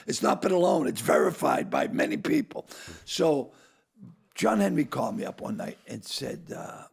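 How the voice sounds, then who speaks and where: An older comedian spins his yarns in a rough, gravelly rasp. His voice sits high and leaps wildly up and down as he shouts, laughs and mimics everyone in the story. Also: wildly swooping pitch, normal speed. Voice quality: gravelly, raspy. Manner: loud, laughing, acts out voices in his stories. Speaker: comedian guest. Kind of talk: animated storytelling.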